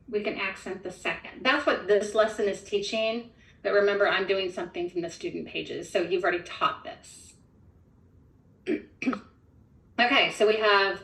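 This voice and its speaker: A woman's voice: medium pitch, fairly bright tone, distant mic. A woman trainer modeling a phonics lesson, explaining each step methodically. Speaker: literacy trainer. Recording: echoey room from off-mic.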